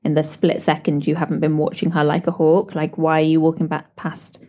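A British woman hosting a podcast, telling animated stories with lots of laughs. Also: sits low, brisk. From Britain. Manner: animated storytelling with frequent laughs and "like". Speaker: podcast host. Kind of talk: chatty solo podcast catch-up.

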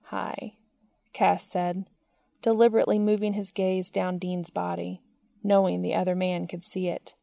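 A woman reading fiction aloud with a slow, even storytelling delivery. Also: on the low side, gravelly, no echo. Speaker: narrator.

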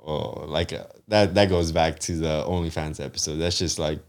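Man, podcast co-host, deadpan, laid-back, very deep voice. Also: moderate pace. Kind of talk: casual chat.

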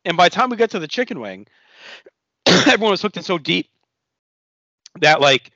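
A man's voice: high voice, very animated, normal speed, pushed and bright, no echo, dull audio. A man co-hosting a podcast in casual chat, enthusiastic and rambling. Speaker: podcast co-host.

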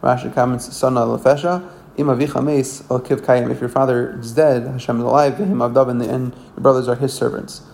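A man with a gravelly, creaky voice works through a text in a lesson, each phrase and then translating it. He often stops, restarts and corrects himself as he goes. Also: medium pitch, little pitch movement, a little mellow. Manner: halting, self-correcting, with frequent restarts. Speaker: Torah teacher. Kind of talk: reading and translating a religious text line by line.

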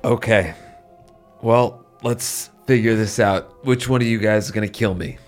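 A man playing a tabletop game, laid-back and deadpan. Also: on the low side, unhurried, faint music behind. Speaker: player. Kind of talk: casual tabletop chat.

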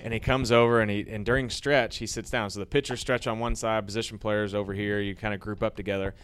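A man, a former baseball pitcher, telling rambling anecdotes in a casual interview, growing lively as he retells old stories. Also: quick pace, clear, resonant tone.

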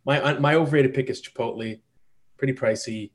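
A man's voice: medium pitch, fairly quick. A man hosting a podcast in casual chat, firing light quiz questions at his co-hosts. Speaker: podcast host.

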